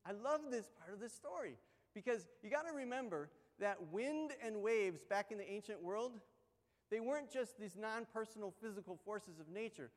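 Male pastor, high tenor, animated conversational sermon, long hall reverb. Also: moderate pace. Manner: conversational, animated storytelling with acted-out quotes.

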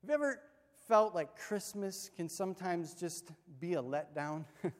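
In a spacious church hall with lingering reverb, a pastor with a high male voice preaches through a story. He brings its characters to life with lively delivery at a moderate pace.

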